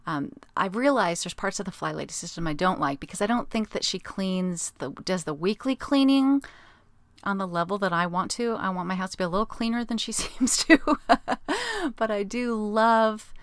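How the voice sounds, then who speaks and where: A woman's voice: medium pitch, moderate pace, no room sound, clean studio sound. A middle-aged woman hosting her own podcast, chatting casually and rambling with lots of fillers. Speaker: podcast host. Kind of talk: casual solo podcast chat.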